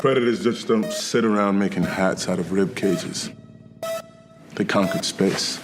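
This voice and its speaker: An actor playing a grim man who speaks slowly and ominously about alien hunters, heard in a movie clip. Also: low-pitched. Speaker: movie character in a played trailer clip. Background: music.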